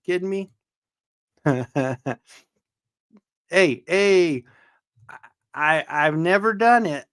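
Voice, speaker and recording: A man hosting a casual livestream, loudly joking and greeting viewers in the chat by name. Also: fairly high pitch, lively intonation, drawn-out words, clean tone, no echo, studio quality. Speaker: livestream host.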